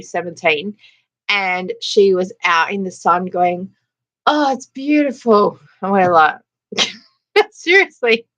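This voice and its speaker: A woman's voice: fairly low pitch, bright, forceful tone. A middle-aged Australian woman hosting a casual livestream, chatting and laughing as she greets viewers by name. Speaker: livestream host. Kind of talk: casual livestream chat reading comments.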